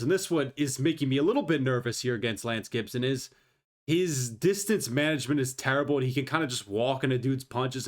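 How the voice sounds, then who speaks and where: Male fight-prediction vlogger, offhand and swearing, mid-range voice, loose casual delivery. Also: medium pitch. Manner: rambling, profane, offhand. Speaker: MMA fight analyst.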